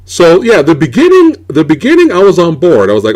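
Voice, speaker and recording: A male host in a loose movie chat, his pitch swinging widely as he rants. He swears freely and sounds exasperated, and he piles on restarts and asides. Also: huge pitch swings, a little fast, a little mellow. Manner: ranting, profane, exasperated. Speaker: podcast host. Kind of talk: casual movie review chat.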